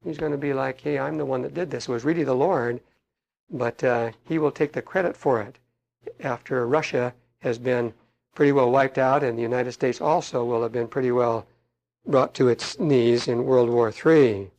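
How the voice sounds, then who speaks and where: A middle-aged man preaching on prophecy, reading aloud and commenting in a slow, emphatic way with frequent fillers. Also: medium pitch, gravelly, darkish tone, poor audio.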